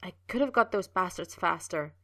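A woman voicing an earnest, cheeky young man in a fan story reading, pitched up with a breathy pleading edge. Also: lively intonation, moderate pace, a bit bright, no echo, far from the mic, close to an everyday voice.

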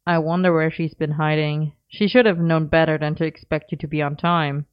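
Woman reading a grumpy dry young guy, lowish voice, dull lo-fi sound. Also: fairly even intonation, fairly quick, smooth, no echo, close to an everyday voice. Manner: dry, grudging, low-key. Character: dry, reluctant young man, grumbling. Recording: dull lo-fi recording.

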